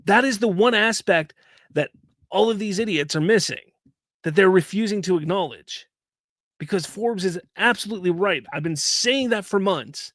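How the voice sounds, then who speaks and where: A man's voice: high-pitched, moderate pace, dry recording, clean studio sound. A man hosting a live-stream talk show, ranting in casual commentary and reading viewer chat aloud. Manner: animated, ranting, repeats himself.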